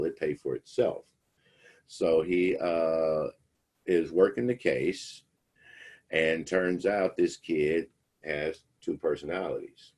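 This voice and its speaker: A man's voice: very deep voice, a little mellow, breathy edge. A man teaching a class in a loose, rambling way, telling a story and acting out the quoted lines. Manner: rambling storyteller, acts out quotes, many fillers. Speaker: instructor. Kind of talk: casual lecture retelling a film plot.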